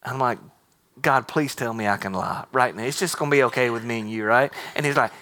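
A man's voice: medium pitch, fast talker, sharp tone. A man preaching a sermon as pastor, mixing humor and acted-out quotes into his teaching. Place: church auditorium.

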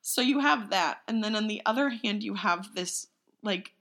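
A woman chatting casually about a movie, animated and jokey. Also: medium pitch, moderate pace. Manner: animated, jokey, does silly voices.

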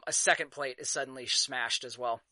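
A man narrating as game master of a tabletop game, halting with many fillers and quick to laugh. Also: medium pitch, fairly even intonation, bright, forceful tone, dry recording.

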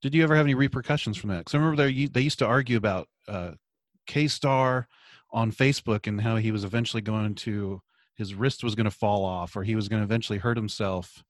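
Male host, forties, lowish voice, laid-back interviewer, dry close mic. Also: fast, dry recording. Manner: easygoing, laughs along, loose questions. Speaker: podcast host. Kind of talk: casual interview chat.

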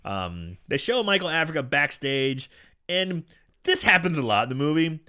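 A man in casual chat recapping a movie, profane and animated, acting out lines in exaggerated voices. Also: on the high side, moderate pace, clean tone. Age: young adult or middle-aged, a parent. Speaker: podcast co-host recapping a movie.

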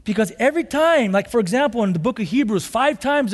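A pastor with a strikingly high voice delivers a sermon, swinging from quiet asides to fervent shouts. His words ring out with a long reverb from a large hall. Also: expressive, fast talker, hardly any pauses. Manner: passionate, rising to shouts when quoting scripture.

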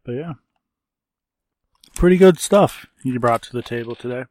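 Dry, deliberate male podcast co-host. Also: medium pitch, lively intonation, a little mellow, dry recording. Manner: deliberate, dry teasing, drawn-out pauses. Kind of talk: casual chat.

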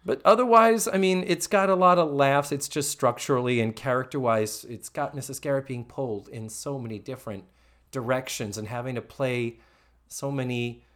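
A man co-hosting a podcast, chatting casually and theatrically as he recaps a TV episode. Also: mid-range voice. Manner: animated, theatrical, quick to act out quotes. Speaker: podcast co-host.

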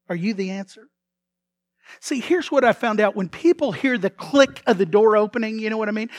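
A man preaching a sermon as pastor, telling the story in a lively way, acting out the figures' lines and often repeating words as he restarts. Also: high-pitched, moderate pace, no echo, clean studio sound. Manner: animated storytelling, acts out characters' lines.

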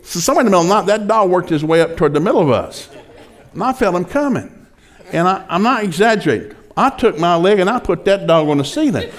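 Older male preacher, folksy storyteller; animated, slightly high voice. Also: fast. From rural Oklahoma. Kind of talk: humorous sermon storytelling.

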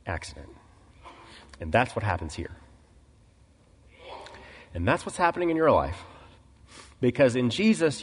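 A man with a lowish voice delivers a sermon in storytelling mode, shifting into the voices of the people he quotes. He clears his throat now and then. His voice rings out with a long reverb, as in a church sanctuary. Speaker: pastor.

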